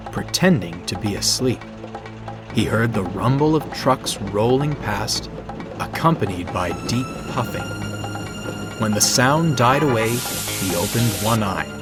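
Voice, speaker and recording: A man narrating a children's railway story in a measured, expressive way. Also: medium pitch. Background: loud music.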